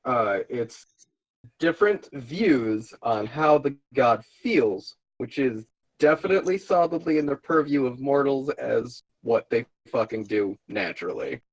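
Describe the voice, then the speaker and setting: A man playing a tabletop game, easygoing and thinking out loud, swearing casually now and then. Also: mid-range voice, lively intonation, a little slow, no room sound, rough recording. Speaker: player.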